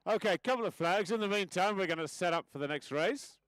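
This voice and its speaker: A man announcing an equestrian event and calling races live, chatty and cheerful with rising excitement during the action. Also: sits high, brisk, no echo, poor audio. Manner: leads a crowd chant. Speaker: event announcer and race commentator. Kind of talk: live race commentary.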